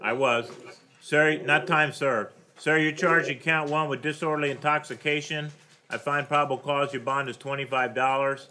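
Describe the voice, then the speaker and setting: A man presiding as judge over bond hearings in a courtroom, briskly and formally reading out charges and bond amounts. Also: medium pitch, fairly even intonation, bright, forceful tone. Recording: noisy courtroom recording.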